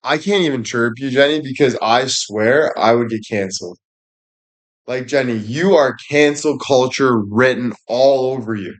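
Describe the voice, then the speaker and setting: Young guy on a live stream, rambly, crude jokes, normal pitch. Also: moderate pace. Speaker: livestream host. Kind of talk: casual livestream chat.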